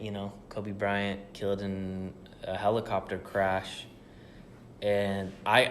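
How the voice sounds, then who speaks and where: A young man co-hosting a podcast tells rambling stories in casual chat, swearing plenty along the way. His voice sits on the low side and is a bit bright, with a little hiss or hum.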